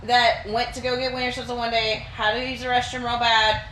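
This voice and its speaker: A woman with a bright, forceful voice chats casually on a podcast and tells anecdotes between reactions. Her voice is slightly high. The room sounds echoey, with a faint hum behind it. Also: little pitch movement, a little fast. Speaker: podcast co-host. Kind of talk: casual chat.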